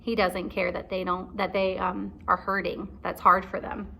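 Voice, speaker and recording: A woman teacher reading a chapter book aloud to kindergarten children, pausing to ask encouraging questions. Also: medium pitch, level tone, gravelly, pushed and bright, a little hiss or hum. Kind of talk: read-aloud for young children.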